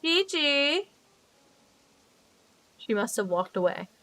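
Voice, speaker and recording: Here a young woman with a fairly bright, mid-range voice streams a game from her desk at home. Speaking at a moderate pace, she chats easily with her viewers and voices her thoughts as she plays.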